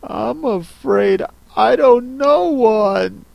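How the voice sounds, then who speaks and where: A reader voicing a polite, curious young girl who speaks slowly and gently. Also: medium pitch, animated, vocal fry, no echo, pitched above the performer's own voice, full character voice.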